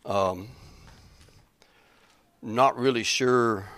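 Man preaching, middle-aged, halting and fervent, medium pitch, dry close sound. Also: a bit bright, dry recording. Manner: halting, many fillers, builds to fervent emphasis. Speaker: pastor. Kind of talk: sermon.

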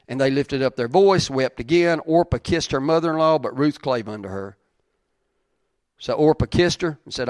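A man's voice: fairly high pitch, lively intonation, moderate pace, no echo, studio quality. A man preaching a sermon, reading old-style scripture aloud and repeating key lines for emphasis.

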